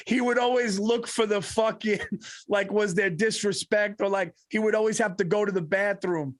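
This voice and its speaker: Male podcast co-host, animated storyteller, high pitch, dry sound, lots of laughter. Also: normal speed, no echo. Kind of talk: casual comedic chat.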